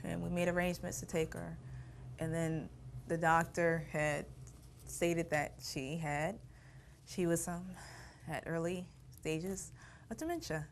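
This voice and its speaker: A woman's voice: lowish voice, fairly even intonation, unhurried, long pauses, a little hiss or hum. A middle-aged woman telling her family story in an interview, reflective and often laughing through painful memories. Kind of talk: personal storytelling.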